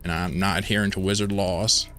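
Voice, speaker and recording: A man's voice: low voice, fairly even intonation, a little fast, pushed and bright, soft background music. A man putting on an exaggerated American Southern accent, playing a boastful folksy country fellow during a game stream. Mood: hokey. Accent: put-on American Southern. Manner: drawling, hokey, exaggerated twang.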